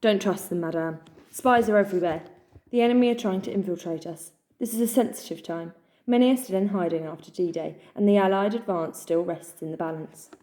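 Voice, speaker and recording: A woman voicing a fierce, suspicious male eagle soldier who warns gruffly in a storybook reading. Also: medium pitch, a little fast, close to an everyday voice. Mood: wary. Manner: gruff, hushed, warning.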